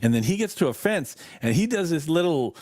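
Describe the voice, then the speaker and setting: A man's voice: fairly high pitch, very animated, brisk, a little mellow, dry recording. An older man co-hosting a podcast, telling stories in a rambling way with laughs. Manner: rambling, laughing, self-correcting. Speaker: co-host. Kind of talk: casual storytelling.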